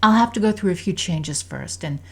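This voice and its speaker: Give a gentle, loving mother, as a woman storyteller reads her lines a soft, reassuring way of speaking. Her voice sits fairly low and warm-hearted in manner, an everyday adult woman. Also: lively intonation, normal speed, vocal fry, breathy edge, full character voice. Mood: tender.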